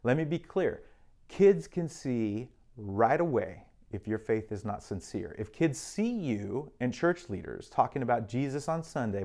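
A man preaching a sermon in a relaxed, conversational teaching style, adding dry little jokes. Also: medium pitch. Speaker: pastor. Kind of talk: sermon on parenting and faith.

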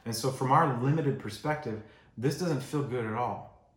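A male pastor preaching a sermon in a relaxed, conversational way, acting out the voices he quotes. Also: medium pitch, moderate pace, reverberant. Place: church sanctuary.

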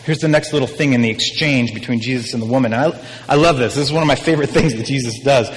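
A man's voice: mid-range voice, quick pace, big-room sound, slight background noise, rough recording. A man preaching a sermon in a casual, emphatic style, repeating his key phrases.

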